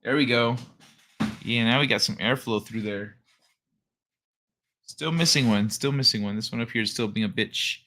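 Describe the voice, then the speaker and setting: A man's voice: mid-range voice, normal speed, long pauses, pushed and bright. A young man hosting a late-night live stream, chatting casually in a rambling, profane, laid-back way. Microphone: desk microphone he adjusts.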